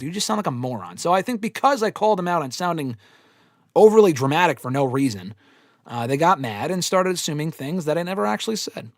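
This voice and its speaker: A man runs a live, casual Q&A stream for fans, answering their questions bluntly, swearing plenty, and rambling through his opinions. His slightly high voice is lively and fairly quick, captured in studio quality with no room sound.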